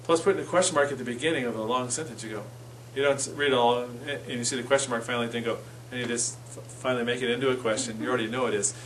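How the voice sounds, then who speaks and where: A man's voice: medium pitch, steady tone, racing, hardly any pauses, a bit bright. A man teaches a class in an easygoing, informal way, repeating phrases and correcting himself along the way. He is recorded from some distance in a classroom. Faint room noise sits behind his voice. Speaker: church Spanish class teacher.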